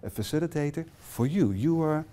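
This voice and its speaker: A man's voice: a little high, lively intonation, a little fast, warm tone. Dutch-accented man leading a workshop. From Netherlands. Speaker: workshop trainer. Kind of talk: live workshop presentation. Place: small classroom.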